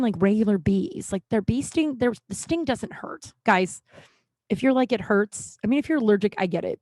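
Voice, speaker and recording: A woman's voice: a little high, no echo. A woman hosting her own podcast, telling a rambling story in casual chat, swearing freely and restarting her sentences often. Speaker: podcast host.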